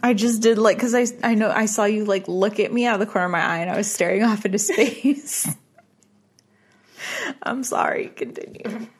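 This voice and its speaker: A woman's voice: medium pitch, moderate pace, slightly rough. A woman co-hosting a podcast, cracking playful jokes and interrupting with teasing asides. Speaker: podcast co-host. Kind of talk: casual chat.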